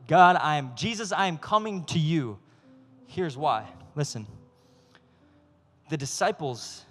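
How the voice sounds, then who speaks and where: A man preaching a sermon as a youth pastor, animated and acting out voices of God and people. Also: mid-range voice, big-room sound.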